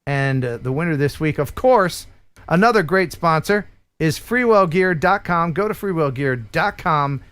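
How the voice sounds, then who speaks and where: An American man hosting a casual livestream with a slightly raised pitch. He chats loosely, jokes with his co-host, and reads sponsor spots like an eager pitchman. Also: expressive, moderate pace, fairly bright tone, clear, resonant tone. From United States. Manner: chatty, joking, enthusiastic pitchman.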